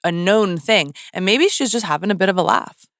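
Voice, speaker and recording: A woman's voice: medium pitch, brisk, no room sound, studio quality. A woman guest on a podcast, chatting casually and acting out jokey asides in her stories. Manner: animated, jokey storytelling with acted-out asides. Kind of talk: casual chat.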